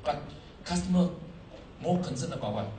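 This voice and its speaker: Lively man preaching to a hall. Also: a little high, moderate pace. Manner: lively, questions the crowd, repeats points for emphasis. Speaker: motivational speaker. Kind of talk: sales seminar talk to a live audience. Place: large hall with an audience. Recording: echoey hall, recorded from far off.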